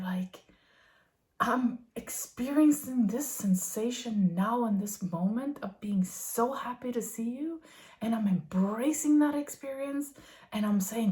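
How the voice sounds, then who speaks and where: A woman in her thirties or forties giving a gentle, earnest spiritual musing to her viewers, with many fillers and soft laughs. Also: a little high, takes it slowly. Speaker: vlogger.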